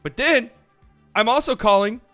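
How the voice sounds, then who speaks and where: A man hosting a casual livestream, talking excitably and swearing freely as he acts out mock phone calls. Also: very high voice, moderate pace, faint music behind. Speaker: livestream host.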